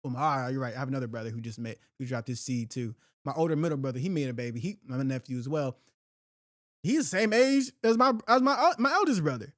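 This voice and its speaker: A man's voice: medium pitch, fast, a bit bright, dry recording, studio quality. A middle-aged man hosting a podcast, ranting in a heated, profane, rambling way with slang and restarts. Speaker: podcast host. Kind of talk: unfiltered solo talk.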